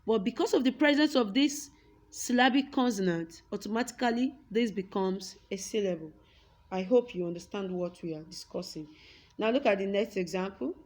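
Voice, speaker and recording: Young Nigerian woman, English teacher at the board, middle pitch, slow deliberate stress on key words. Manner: slow, drawn-out words when stressing a point; repeats example words aloud. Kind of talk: classroom lesson with a whiteboard.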